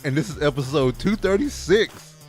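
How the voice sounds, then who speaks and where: A man's voice: a little high, lively intonation, moderate pace, darkish tone, soft background music. A man from co-hosting a casual podcast with his wife, joking and swearing loosely as he chats. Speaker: podcast co-host. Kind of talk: casual chat.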